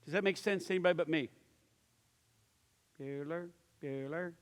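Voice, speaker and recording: Very fast and steady in tone, a high-voiced pastor from the Pittsburgh area teaches a church class. He tells stories, imitates the voices in them, and leans on fillers and restarts, with a long hall reverb on the recording.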